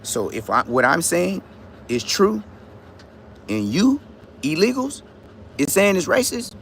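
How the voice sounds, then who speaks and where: A man rants on a livestream in a gravelly voice, full of profane street slang. His pitch leaps and drops all over as he pushes his points in loud, combative bursts. Faint traffic hums behind him. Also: very animated, unhurried, pauses often. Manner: loud, swooping, combative delivery. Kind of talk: heated livestream rant.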